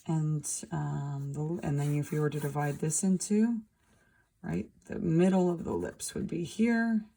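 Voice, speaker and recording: A woman's voice: on the low side, dark tone. A woman teaching a drawing lesson, talking through each step as she draws. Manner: talking while drawing, thinking aloud. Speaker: art teacher. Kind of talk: drawing demonstration.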